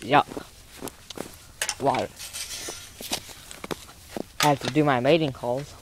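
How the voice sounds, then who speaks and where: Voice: medium pitch, steady tone, slow pace, background noise. A vlogger rambling and joking in a goofy way while filming outdoors in snowy countryside on a handheld camera. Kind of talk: casual outdoor vlog.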